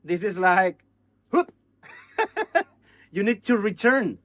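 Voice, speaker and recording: A man teaching hand-drum technique, chanting drum syllables and counting beats in halting. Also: sits high, big pitch swings, a bit bright, a little hiss or hum. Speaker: percussion teacher. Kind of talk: hands-on music lesson.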